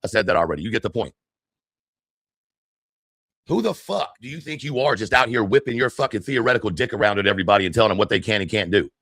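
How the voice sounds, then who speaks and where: A man's voice: fairly low pitch, lively intonation, fast, pauses often, fairly bright tone, no room sound, clean studio sound. An angry man ranting on his livestream, heated, profane and confrontational.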